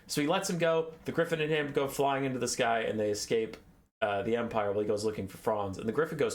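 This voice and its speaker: A young man hosting a lore video gives a casual, rambling, sarcastic recap, swearing and acting out the characters. His voice is medium-pitched and his pace quick.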